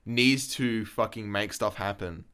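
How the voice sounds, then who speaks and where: A man's voice: lowish voice, a little slow, fairly bright tone, smooth. A man co-hosting a podcast, chatting casually about a film in a loose, swearing way, full of restarts and laughs. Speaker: podcast co-host. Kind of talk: casual film discussion chat.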